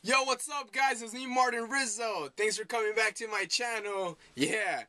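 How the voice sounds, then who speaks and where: A man's voice: high-pitched, moderate pace, pushed and bright, a little hiss or hum. A young man chatting casually as a vlogger reacting to a video, rambling and laughing at his own jokes.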